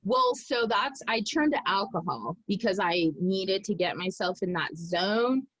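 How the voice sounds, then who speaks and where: A woman's voice: mid-range voice, animated, unhurried, a bit bright, no room sound, low-quality recording. A woman guest telling her own story candidly and animatedly, acting out her past self.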